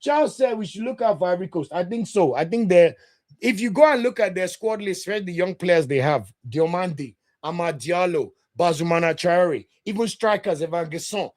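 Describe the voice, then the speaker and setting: Man, football podcast host, live watch-along, high voice, blunt, passionate, preacher-like delivery, talks to chat. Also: expressive, moderate pace, a little mellow. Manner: sermon-like delivery.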